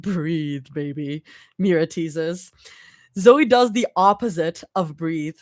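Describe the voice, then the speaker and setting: A woman's voice: fairly low pitch, slow pace, darkish tone, no room sound, studio quality. A woman doing a casual live reading of a story, with small slips and restarts. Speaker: fanfic reader.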